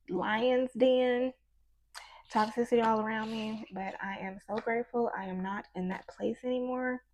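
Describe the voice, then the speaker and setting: A woman's voice: fairly high pitch, a little mellow, dull audio. A woman giving a casual tarot reading who talks in a chatty, meandering way and encourages the listener. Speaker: tarot reader and life coach.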